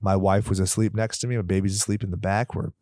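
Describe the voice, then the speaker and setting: A man co-hosting a podcast in casual chat, animated, sometimes slipping into silly voices as he tells stories. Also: deep voice, fast, no echo. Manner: animated, slips into silly put-on voices when telling stories. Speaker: podcast co-host.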